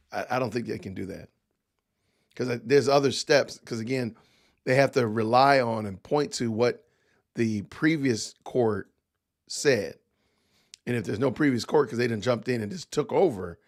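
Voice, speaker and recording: A middle-aged man hosting a podcast livestream, rambling in casual commentary and talking straight to his chat. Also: mid-range voice. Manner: rambling, talks to chat directly. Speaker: podcast host reacting to news clips.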